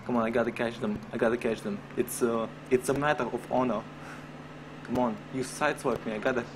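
A man streaming a role-play game, commenting excitedly, swearing and laughing as he plays at his computer. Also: mid-range voice, brisk, noisy background.

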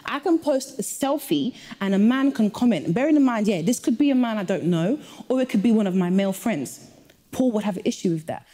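Mellow-voiced woman defending herself firmly. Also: medium pitch, expressive, brisk. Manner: firm, defensive, argues point by point. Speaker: guest in a couple's dispute. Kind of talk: casual debate.

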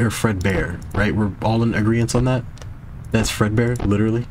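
Low-voiced man rambling through gameplay commentary. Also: noisy background. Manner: rambling, checks in with "right?". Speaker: gaming YouTuber. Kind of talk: let's play commentary.

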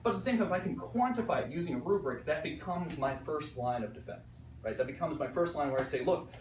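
A fairly high-voiced man from Pittsburgh tells classroom stories to a room of teachers, playing out the voices of students and parents. He talks in an animated way and keeps asking "right?" The recording is roomy and picked up from some way off, with faint room noise behind him. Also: fast. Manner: animated storyteller, acts out voices, frequent "right?". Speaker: art teacher presenting at a conference. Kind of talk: conference talk to teachers. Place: conference room. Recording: echoey room recorded from a distance.

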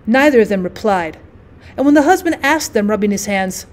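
A woman teacher narrating a classic short story aloud in a clear, measured way. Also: mid-range voice, lively intonation. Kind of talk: audiobook reading of a classic story.

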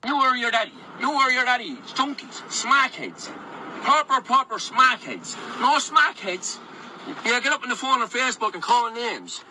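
High-voiced man taunting on a noisy phone recording. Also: pushed and bright. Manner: taunting, repetitive, insulting. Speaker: man issuing a fight challenge. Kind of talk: angry taunting rant.

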